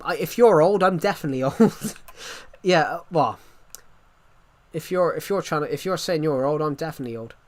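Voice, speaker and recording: A man's voice: fairly high pitch, fairly bright tone. A young British man in his twenties chatting casually on a live stream, rambling and repeating himself as he answers viewers. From Britain. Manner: rambling, repeats and restarts phrases.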